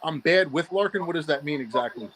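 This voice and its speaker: A man's voice: a little high, animated, fast talker, fairly bright tone, poor audio. A man calling into a live podcast from home, arguing back in a sarcastic, defensive, challenging way. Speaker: guest on call-in. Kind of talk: heated live debate.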